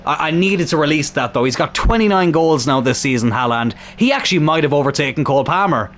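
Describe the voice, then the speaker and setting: A young man with a sore throat commentating on his football video game, calm between plays and shouting and swearing at goals. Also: on the high side, fast, slight background noise. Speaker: gaming YouTuber.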